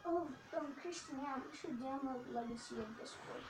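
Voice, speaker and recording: A woman chatting casually and bouncing between quick remarks while playing a game with a friend. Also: high-pitched, noisy background. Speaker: co-player. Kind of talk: casual chat while gaming.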